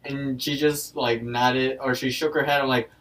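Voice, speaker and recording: A man co-hosting a casual podcast, excitable and quick to swear, yelping when something shocks him. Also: mid-range voice, distant mic, poor audio. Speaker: podcast co-host. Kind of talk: casual chat. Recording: voice a little off-mic.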